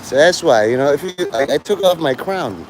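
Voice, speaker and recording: A man's voice: fairly high pitch, lively intonation, brisk, a little hiss or hum. Rambling, laughing man streaming outdoors. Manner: rambling, joking, laughs often, swears freely. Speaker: live streamer. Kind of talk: rambling live-stream chat.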